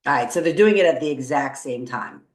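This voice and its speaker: A woman's voice: a bass voice, animated, fairly quick. A woman teacher walking students through a coding tutorial on screen, upbeat and encouraging as she thinks aloud. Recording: roomy echo.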